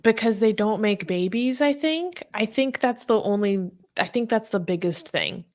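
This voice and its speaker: A woman's voice: medium pitch, animated, moderate pace, a little mellow, no echo, clean studio sound. A woman co-hosting a casual livestream, chatty and laughing often, with lots of fillers. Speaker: co-host.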